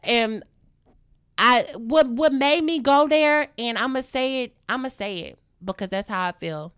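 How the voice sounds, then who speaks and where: A woman's voice: on the high side, a little slow, fairly bright tone, clear, resonant tone, dry recording, clean studio sound. A woman casually telling a story in a blunt, profane way, acting out the dialogue.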